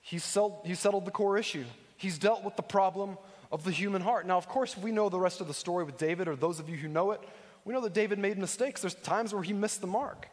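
A man preaches in an earnest, conversational way, often turning to ask the congregation questions directly. His voice sits high for a man. The sound carries a long reverb, as if recorded in a large hall. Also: brisk. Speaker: pastor. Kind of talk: sermon.

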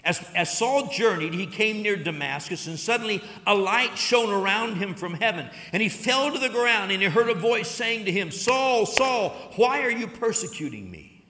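A man pastor preaching a sermon, telling a story with big swings from hushed to loud. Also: high-pitched, normal speed, few pauses. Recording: long hall reverb.

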